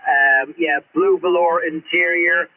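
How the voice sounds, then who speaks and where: A man with a husky, fairly high voice speaks haltingly, filling his crude boasts with pauses. He comes through a narrow, phone-like radio channel. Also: steady tone. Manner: slow, halting, many fillers. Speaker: CB radio operator. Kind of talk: crude banter over radio. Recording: tinny radio transmission.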